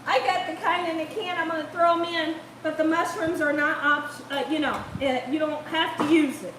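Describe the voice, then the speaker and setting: High-voiced chatty woman cooking. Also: steady tone, normal speed, reverberant, noisy background. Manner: chatty, laughs often, reads chat aloud. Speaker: cooking channel host. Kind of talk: live-stream cooking chat. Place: home kitchen.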